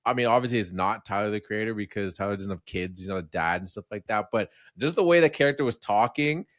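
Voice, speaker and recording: A man co-hosting a casual film podcast, relaxed and agreeable, laughing a lot. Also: fairly low pitch, quick pace, no echo, studio quality. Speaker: podcast co-host.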